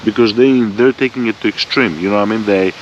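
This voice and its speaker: A man's voice: lowish voice, fast. A man in his forties ranting bluntly and profanely in a rambling motorbike vlog, recorded outdoors on a bike-mounted camera. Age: 40s. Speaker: motorbike vlogger. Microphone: bike-mounted front camera. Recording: dull lo-fi sound, faint vehicle noise.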